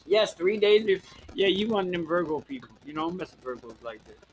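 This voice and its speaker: A man's voice: sits high, expressive, quick pace, slight background noise, low-quality recording. A man, hosting a casual live-stream chat in a sassy, flamboyant way, swearing freely and calling everyone girl and honey. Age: 50s. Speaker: host.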